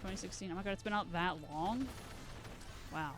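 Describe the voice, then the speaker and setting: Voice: medium pitch, a little fast, over music. A live streamer in casual gaming stream chat, rambling and self-deprecating with giggly asides.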